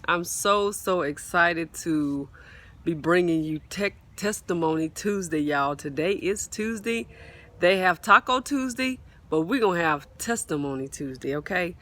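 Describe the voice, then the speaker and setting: A woman's voice: on the low side, expressive, measured pace, fairly bright tone. A woman on a swing outdoors, giving a casual spoken faith testimony into a phone, fervent and repetitive, often calling out to her viewers. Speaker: faith vlogger sharing a testimony. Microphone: phone mic, sometimes partly covered.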